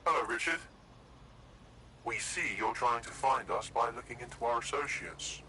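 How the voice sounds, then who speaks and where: Game villain, male, sharp taunting tone, mocking menace. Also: mid-range voice, moderate pace, a little hiss or hum. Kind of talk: video game voice acting.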